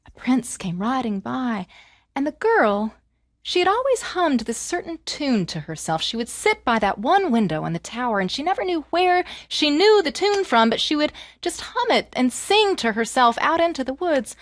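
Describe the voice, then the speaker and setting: A woman telling a fairy tale to children, animated and inviting the listeners to join in the actions. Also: sits high, moderate pace, dry recording, clean studio sound. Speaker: storyteller.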